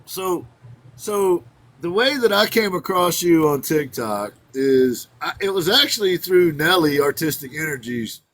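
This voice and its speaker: A man's voice: on the high side, expressive, measured pace, fairly bright tone, rough recording. A man hosting a casual interview, easygoing and agreeable as he shares his own experiences.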